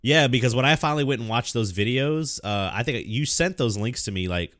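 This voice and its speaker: A man's voice: mid-range voice, lively intonation, a little fast, fairly bright tone, dry recording. Laid-back man with a dry close sound. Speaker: podcast co-host. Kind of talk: casual chat.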